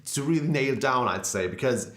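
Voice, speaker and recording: A man's voice: medium pitch, expressive, normal speed, fairly bright tone, slight background noise. A man in a casual guitar lesson, explaining pedal tones in a loose, conversational way with frequent fillers. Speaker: guitar teacher. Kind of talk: casual gear demonstration. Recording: echoey room with faint guitar music.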